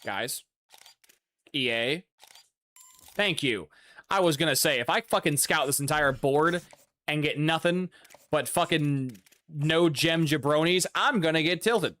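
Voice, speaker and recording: A man's voice: on the high side, takes it slowly, pauses often, a bit bright. A man giving casual, profane, sarcastic commentary while playing a video game. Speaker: gaming streamer.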